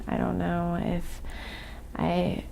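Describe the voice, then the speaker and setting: A woman from Oklahoma with a slight Southern accent, chatting softly on a live painting stream and reading viewer comments aloud. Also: on the low side, monotone, drawn-out words, gravelly, a little hiss or hum. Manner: reads viewer comments aloud, thanks donors. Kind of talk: soft-spoken ASMR live stream chat.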